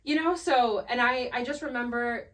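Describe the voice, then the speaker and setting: A woman's voice: a little high, moderate pace, a bit bright, far from the mic. A young woman co-hosting a podcast, chatting casually and rambling with lots of fillers and restarts. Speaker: podcast co-host. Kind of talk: casual chat.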